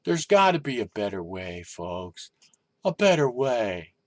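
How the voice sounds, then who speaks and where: Man, casual vlog rant, animated, rambling, exasperated, dry room. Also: mid-range voice, measured pace, no room sound. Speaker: vlogger.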